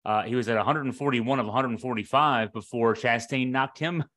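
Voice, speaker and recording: A man's voice: mid-range voice, a little fast, a bit bright. Man hosting a casual racing chat. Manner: conversational, self-correcting questions. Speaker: podcast host.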